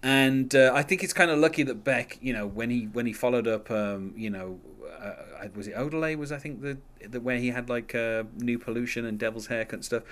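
A man's voice: medium pitch, brisk, few pauses, fairly bright tone. A man hosting a casual music podcast, rambling with many fillers and restarts and laughing often. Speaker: podcast host.

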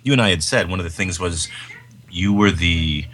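A man's voice: sits low, moderate pace, a bit bright. A man co-hosting a podcast, chatting casually about films in a rambling, enthusiastic way with lots of fillers. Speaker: podcast co-host. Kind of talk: casual film chat.

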